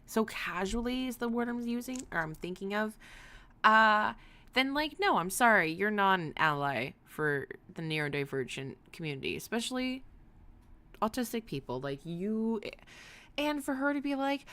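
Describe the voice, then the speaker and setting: A woman's voice: fairly high pitch, a bit bright. A woman hosting a casual livestream, talking in a sarcastic, rambling way and swearing now and then. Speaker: livestream host.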